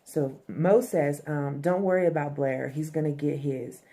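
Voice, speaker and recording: A woman with a low, mellow voice talks through a TV episode scene by scene. She is chatty and casual, filling pauses with "um" and tossing asides to her viewers. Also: steady tone. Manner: chatty, frequent "um", addresses viewers as fam and y'all. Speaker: TV episode recapper.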